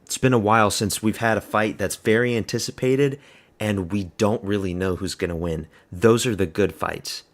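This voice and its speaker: A man's voice: fairly low pitch, normal speed. A man giving casual, rambling live reaction commentary at a fight watch party, blunt and offhand. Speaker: MMA fan host of a watch party stream.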